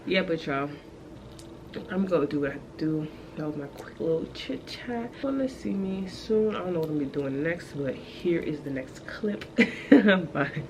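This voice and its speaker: A woman's voice: deep voice, animated, normal speed, background noise. A young woman in her twenties chatting casually to the camera, telling a story as a rant and laughing often. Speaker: vlogger. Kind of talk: casual vlog chat.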